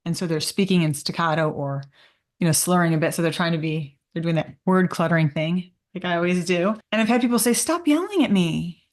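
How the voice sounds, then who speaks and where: Wry, candid woman podcast co-host. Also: fairly low pitch. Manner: wry, candid, sometimes slurred and rushed speech. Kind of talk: casual conversational podcast talk.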